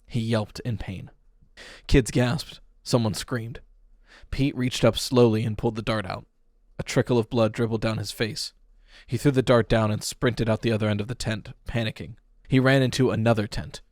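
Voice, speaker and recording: A man reads a spooky story aloud in an even, middle-pitched voice, leaning into the tension. The recording is dry and close. He lifts his voice for the frightened moments. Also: dry recording. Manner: expressive reading, raising voice for tense dialogue. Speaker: audiobook narrator. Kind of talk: dramatic audiobook narration.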